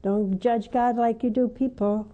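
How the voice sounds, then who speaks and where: An older woman preaching as a nun on a call-in program, slow and deliberate in her delivery. Her voice is very dark and mellow, sitting a little high. She coaxes and pleads fervently, climbing to high emphatic peaks. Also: steady tone, dull audio. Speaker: nun hosting a call-in show. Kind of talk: preaching and answering callers.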